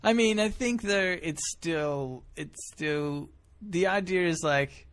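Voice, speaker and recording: A man co-hosting a podcast in casual chat, telling stories in an animated, jokey way. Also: fairly high pitch, slow. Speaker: podcast co-host.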